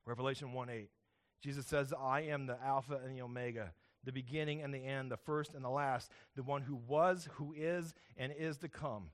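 A man delivering a sermon from the pulpit, his voice sitting a touch high for a man. He preaches emphatically, stacking up phrases in rhythmic repeated lists and pausing to quiz the congregation for answers. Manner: emphatic preaching with call-and-response questions. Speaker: pastor who planted the church.

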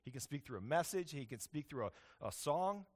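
A man's voice: on the high side, animated, normal speed, husky. A man preaching a sermon as the pastor, talking in a conversational way and often checking in with "right?".

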